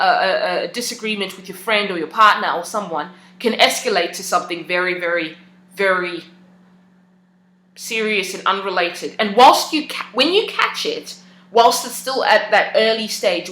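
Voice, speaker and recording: A woman with a bright, clear voice talks in a relaxed, personal way. She often hesitates and restarts her sentences. The room around her rings with a noticeable echo. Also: on the high side. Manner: conversational, hesitant, many fillers and restarts. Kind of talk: casual personal talk. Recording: echoey room.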